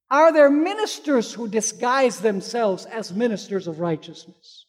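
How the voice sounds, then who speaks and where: A man's voice: high-pitched, lively intonation, a little slow, few pauses. A man preaching a sermon. He asks the congregation questions, answers them himself, and acts out the people in a parable with changing voices. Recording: long reverb of a large hall.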